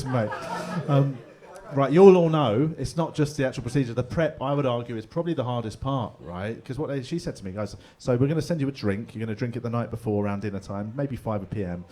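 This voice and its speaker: Stand-up comic, man, forties, animated storyteller, middle-pitched voice, pub gig. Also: fairly quick, slight background noise. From England. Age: 40s. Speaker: stand-up comedian. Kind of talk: stand-up comedy set. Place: pub comedy room with live audience.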